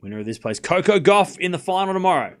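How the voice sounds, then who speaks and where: This man's voice is high and quick-paced as he hosts a live tennis watchalong. He reads the scores aloud, jokes with chat, and keeps up an animated, casual running commentary.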